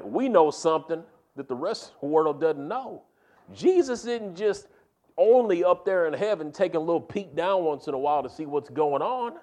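A man preaching a sermon in a folksy, emphatic way that builds to loud, punchy climaxes. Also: on the high side.

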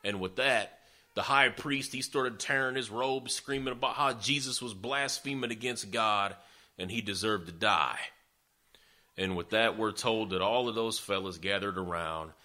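Male preacher, low voice, sermon storytelling, folksy and conversational, forceful, sarcastic asides. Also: moderate pace.

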